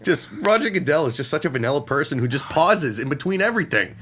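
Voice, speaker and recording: Easygoing podcast host, lively pitch. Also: male voice, fast talker, a little hiss or hum. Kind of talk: casual chat.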